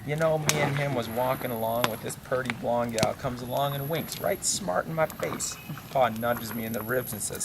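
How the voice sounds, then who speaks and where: Man spinning comic campfire tales, hick drawl, plain mid-pitch, background noise. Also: moderate pace, gravelly. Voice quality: drawling hick dialect, chuckles at his own punchlines. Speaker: campfire storyteller. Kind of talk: folksy comic monologue. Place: outdoors at a campfire.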